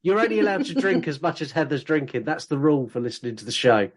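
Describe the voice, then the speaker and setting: A man's voice: on the high side, big pitch swings, quick pace. A man co-hosting a true crime podcast, joking and blunt in casual chat. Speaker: podcast co-host.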